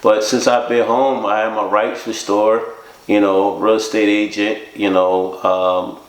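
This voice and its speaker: A man's voice: fairly low pitch, flat delivery, a little slow, echoey room. A man telling his life story in a casual interview, often acting out what others said. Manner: casual, acts out quoted voices. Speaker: interview guest. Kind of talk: candid storytelling.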